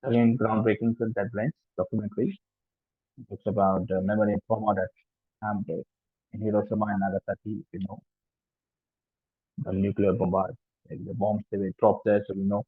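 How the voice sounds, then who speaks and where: A man's voice: on the low side, little pitch movement, a little fast, long pauses, slightly rough, no echo. A man with an Indian English accent gives an informal lecture as a French language teacher, hesitant, with many fillers and restarts. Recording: tinny phone-like sound, dry.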